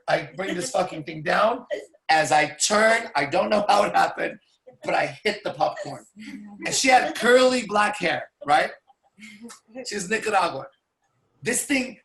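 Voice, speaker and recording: A man telling profane, animated stories to a small audience as a seminar speaker. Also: high voice, vocal fry, reverberant. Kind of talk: storytelling to a live audience.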